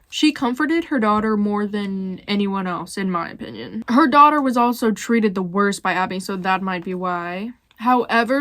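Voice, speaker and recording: A woman's voice: mid-range voice, dry recording, studio quality. A young woman giving blunt, opinionated commentary with casual swearing as a video host. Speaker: YouTuber ranking reality show cast.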